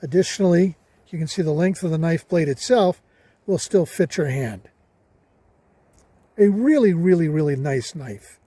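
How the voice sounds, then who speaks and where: A man's voice: a little high, normal speed, mellow, no room sound. An older man reviewing a folding knife while out on a hike, in a casual, emphatic way, stressing words by repeating them. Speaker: hiking vlogger. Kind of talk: casual outdoor gear review. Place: outdoors on a hiking trail.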